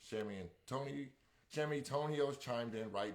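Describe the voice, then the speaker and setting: A man's voice: mid-range voice, moderate pace. A man co-hosting a relationship talk show, chatting casually, reading out viewer comments and rambling with slang and restarts. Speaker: podcast co-host reading live comments. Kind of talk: casual chat.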